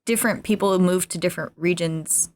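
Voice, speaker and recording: A woman's voice: on the low side, a little fast, a little mellow. Wry woman podcast co-host. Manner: wry, explanatory, laughs often. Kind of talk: casual chat.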